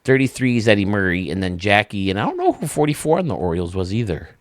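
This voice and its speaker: A man with a fairly low voice hosts a gaming channel, chatting casually about what he sees. He gushes and rambles, breaking into laughs often. The recording is close and dry, with no room sound. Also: wildly swooping pitch, fast talker, no echo. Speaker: video game channel host. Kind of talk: casual gameplay commentary.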